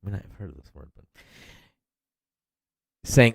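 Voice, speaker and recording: A man's voice: medium pitch, animated, unhurried, gravelly, long pauses, no echo. A man in his thirties hosting a podcast, ranting in a profane, rambling, heated way. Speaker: podcast host. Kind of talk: solo rant podcast.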